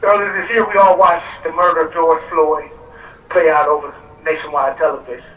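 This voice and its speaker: Male prison caller, measured speech, muffled phone line over outdoor speakers. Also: fairly high pitch, flat delivery, roomy sound, recorded from a distance, faint music behind. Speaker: death row prisoner calling into a rally. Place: prison phone relayed to an outdoor park rally.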